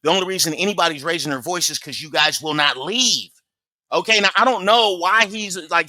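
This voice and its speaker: A man's voice: high voice, fairly quick, pushed and bright, dry recording. A man hosting a reaction channel, giving sarcastic, mocking casual commentary.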